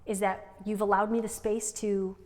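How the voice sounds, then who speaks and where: A woman's voice: mid-range voice, level tone, normal speed, a little mellow. A woman co-hosting an unscripted couple's podcast, talking in a rambling way with frequent "like" and "right?". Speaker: podcast co-host. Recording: long reverb.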